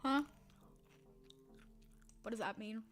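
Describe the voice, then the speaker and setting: Fairly high woman reading a text game. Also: takes it slowly, fairly bright tone. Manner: dramatic reading broken by short spoken asides. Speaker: game streamer.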